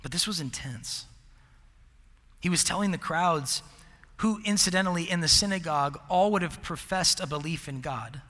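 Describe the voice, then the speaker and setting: A man's voice: on the high side, moderate pace, pushed and bright. A young man preaching a casual sermon to a college group, rambling with fillers and laughing at himself. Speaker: campus ministry preacher. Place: large hall with live audience. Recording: long hall reverb.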